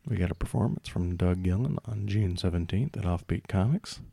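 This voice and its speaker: A man's voice: low-pitched, fairly quick, creaky, mellow, no echo. A man hosting a podcast in a joking, mock-indignant, rambling way. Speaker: podcast host.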